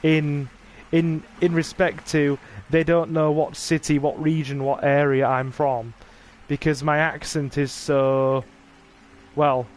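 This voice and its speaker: A man with a neutral British accent giving relaxed, chatty commentary on his gaming livestream, with wry asides to the game. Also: a little high.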